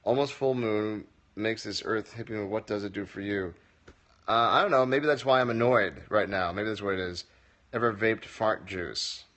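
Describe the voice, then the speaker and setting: A man with a lowish, fairly bright voice speaks at a moderate pace while hosting a casual livestream Q&A from his phone. As a comedy teacher, he reads viewer comments out loud and responds with wry, dry jokes.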